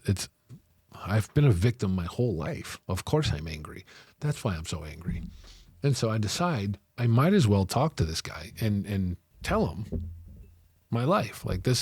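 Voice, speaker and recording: A man's voice: on the low side, a little mellow, husky, dry recording. A middle-aged man in a candid interview, earnestly recounting his past and acting out conversations with raised voices. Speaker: interview guest.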